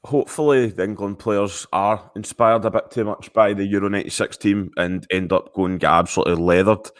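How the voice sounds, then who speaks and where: A Glaswegian man joins a podcast chat as a guest. His voice sits very low, and the recording sounds close and dry. He speaks bluntly and hesitates often with ums. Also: steady tone, fairly quick, no room sound.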